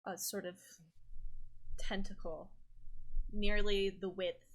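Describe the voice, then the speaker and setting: A woman's voice: mid-range voice, level tone, slow. A woman narrating a tabletop game as game master, hesitant and full of fillers.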